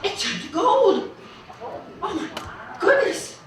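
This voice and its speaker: A woman acting as a greedy, giddy king who exclaims over everything with a high, swooping voice. He talks slowly and brightly. The sound booms with echo and comes from well away from the mic. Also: big pitch swings, background noise, exaggerated voice. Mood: delighted. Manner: exclaiming, wonderstruck, theatrical. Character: greedy, giddy king, middle-aged man. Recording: booming echo, mic far off.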